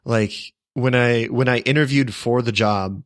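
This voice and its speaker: A young man tells a long story in a loose, rambling way, wry and amused at himself. His voice sits at a middle pitch. The sound is close and dry. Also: measured pace, no echo. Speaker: podcast co-host. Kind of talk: casual storytelling chat.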